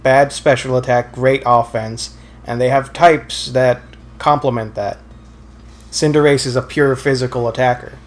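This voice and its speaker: A man's voice: mid-range voice, fairly even intonation, unhurried. A man casually commenting while playing a video game, rambling and correcting himself, with dry teasing jokes. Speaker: let's play co-host.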